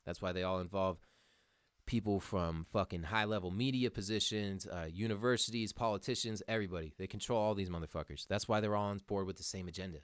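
Heated and foul-mouthed, a young man hosting a casual podcast reads articles aloud, swearing often and repeatedly addressing listeners as "dude." He talks fast in a low voice with fairly even intonation and a clear, resonant tone, and the studio-quality recording has no echo.

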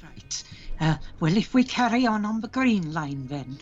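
A woman's voice: medium pitch, lively intonation, measured pace, soft background music. A woman playing in a tabletop game, talking in a dry, prim and fussy way. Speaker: player. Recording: muffled lo-fi mic.

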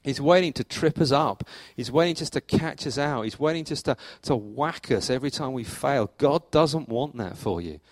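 A middle-aged man preaching a sermon as church leader, telling stories in a lively way with sudden rises in pitch and loudness. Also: moderate pace, few pauses, dry recording. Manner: animated storytelling, acts out anecdotes with jumps in pitch and volume. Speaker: pastor.

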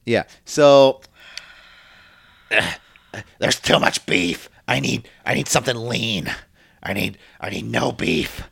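A man co-hosting a casual wrestling podcast, animated and swearing freely, acting out what others said. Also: medium pitch, slow, vocal fry, pauses often, husky, no room sound, studio quality. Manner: animated, swears, acts out quotes. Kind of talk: casual chat.

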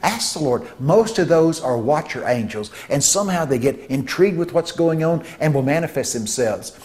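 A man preaching a sermon, telling stories with vocal sound effects and swinging between hushed tones and shouts. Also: a little high, lively intonation, normal speed. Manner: shifts from hushed to shouting for emphasis.

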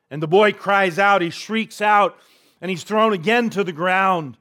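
This high-voiced male pastor moves at a moderate pace through his sermon. He brings a scripture story to life, shifting from quiet moments to emphatic ones.

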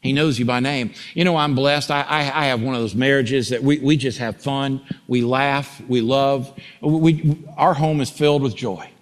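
A male pastor delivering a sermon, swinging from loud, rising climaxes down to quiet, low passages. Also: fairly even intonation, moderate pace, few pauses. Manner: preaching that builds to loud, rising climaxes then drops low. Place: large church sanctuary. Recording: long hall reverb.

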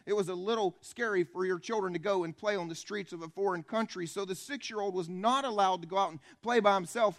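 A middle-aged man from the preaching a sermon, swinging from loud ranting to soft, low pleading. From American South. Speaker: pastor.

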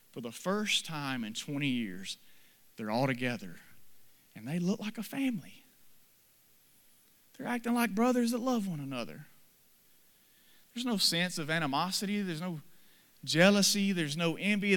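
A man preaching a sermon in a high, bright, forceful voice. He builds his points with short repeated phrases and swings from hushed, low stretches to loud, pressing ones. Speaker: pastor.

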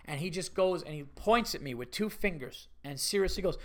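A man hosting a podcast, telling stories in a casual, animated way, laughing often and swearing freely. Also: high voice, fairly quick. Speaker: podcast host. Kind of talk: casual storytelling monologue.

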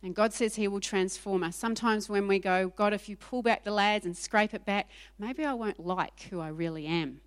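A woman pastor preaching a sermon in an animated, emphatic way, repeating phrases for effect. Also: mid-range voice, moderate pace, hardly any pauses, clear, resonant tone.

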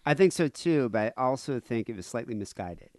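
A man's voice: mid-range voice, animated, a little fast, slight background noise. A man co-hosting a podcast, telling a story in a rambling casual way, full of "uh" and "you know". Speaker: podcast co-host.

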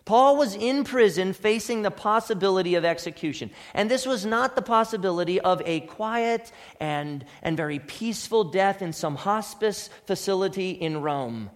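A man's voice: high-pitched, lively intonation, moderate pace, hardly any pauses. A middle-aged man preaching a sermon as pastor, earnest and conversational, asking his listeners questions. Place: church sanctuary. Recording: reverberant church hall.

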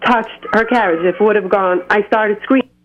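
A woman's voice: mid-range voice, fairly quick, slight background noise. A woman calling in to a radio show, speaking earnestly and urgently. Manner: earnest, urgent, hesitant at first. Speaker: caller. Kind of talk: phone-in call. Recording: dull phone line.

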